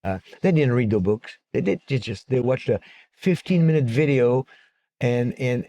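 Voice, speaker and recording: A man speaking at a church conference in an animated, joking lecture style with frequent fillers. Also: medium pitch, normal speed. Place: church auditorium. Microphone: stand-mounted microphone.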